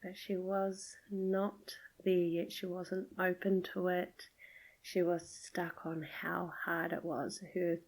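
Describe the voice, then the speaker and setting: A middle-aged woman hosting a podcast, gently telling a personal story in a soft, often half-whispered voice. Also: lowish voice, little pitch movement, slow, rough recording. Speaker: podcast host.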